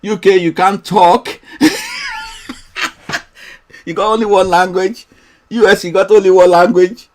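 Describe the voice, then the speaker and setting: Host: high-voiced man, unhurried, chatty and playful live teacher who laughs a lot. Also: fairly even intonation, slight background noise. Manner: chatty and playful, laughs often, reads out viewer comments. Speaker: trading mentor hosting a live session. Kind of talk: casual live-stream teaching.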